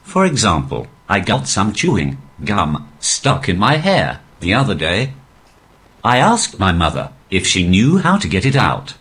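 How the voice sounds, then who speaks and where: A male comedian's stand-up comes through a posh, robotic synthetic voice that sits very deep. The delivery stays deadpan and evenly paced, yet the pitch rises and falls in lively swings. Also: unhurried, husky. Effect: synthetic text-to-speech voice. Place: live comedy venue.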